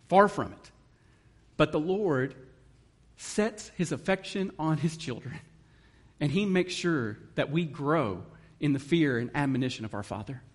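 A man preaching a sermon in an earnest manner, reading scripture and explaining it. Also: on the high side. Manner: earnest, emotional at times, reads scripture aloud. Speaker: guest preacher.

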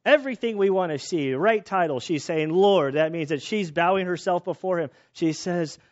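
Man, slightly high voice, conversational Bible teacher, earnest and thinking aloud, dull lo-fi recording. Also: moderate pace.

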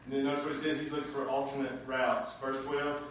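A man preaching a sermon to a responding congregation, swinging between quiet asides and shouted high points. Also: fast talker, a little hiss or hum. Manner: animated, swinging from low asides to shouted climaxes. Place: church sanctuary with congregation. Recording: very echoey hall, mic from far off.

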